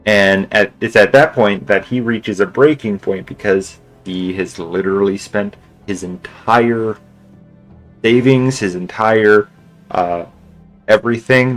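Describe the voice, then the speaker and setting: A man's voice: lowish voice, unhurried, faint music behind, poor audio. A male streamer casually retelling a story in a rambling way, full of restarts and filler words. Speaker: game streamer.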